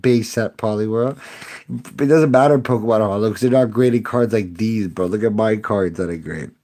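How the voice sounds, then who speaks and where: A man's voice: fairly low pitch, moderate pace, warm tone. A young man live-streaming card pack openings, chatting with viewers, sarcastic and laughing often. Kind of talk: casual live-stream chat.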